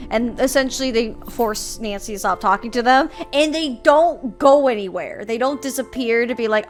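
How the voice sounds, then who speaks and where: A woman's voice: on the high side, lively intonation, moderate pace, hardly any pauses. A woman gaming streamer giving casual, giggly, playful commentary while she plays. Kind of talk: casual let's-play commentary. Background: faint game music.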